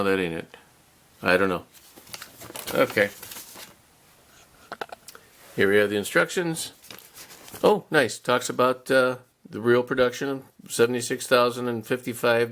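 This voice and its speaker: Gravelly low-voiced man unboxing a kit. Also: fairly bright tone. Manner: rambling, chatty, self-deprecating with chuckles. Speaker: model car kit reviewer. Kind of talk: casual unboxing narration.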